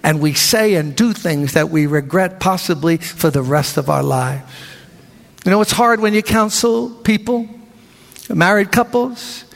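A man delivers a lively sermon in a big church, acting out voices as he tells his story. His voice sits high, with a gravelly edge. The sound rings with long reverb from the hall. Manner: animated, acts out voices of biblical figures. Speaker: pastor.

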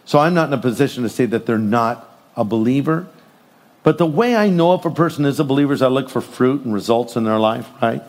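A middle-aged man preaching a sermon in an animated way, acting out voices as he tells stories and jokes. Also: mid-range voice, quick pace. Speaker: pastor.

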